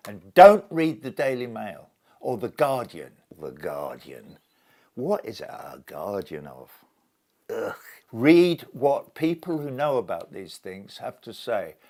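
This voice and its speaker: A man's voice: mid-range voice, darkish tone. An older man, speaking emphatically and with indignation in an interview. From England. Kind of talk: impassioned interview monologue.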